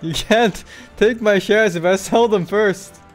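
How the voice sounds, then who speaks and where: A man's voice: sits high, a little slow, soft background music. A man streaming a game, chatting casually with playful, mock-dramatic remarks and frequent laughs. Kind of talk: casual gameplay chat.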